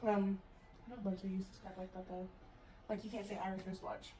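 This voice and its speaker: A young woman chatting casually late at night with a friend, tired, self-deprecating and quick to laugh. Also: medium pitch, level tone, mellow, reverberant. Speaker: friend of the vlogger.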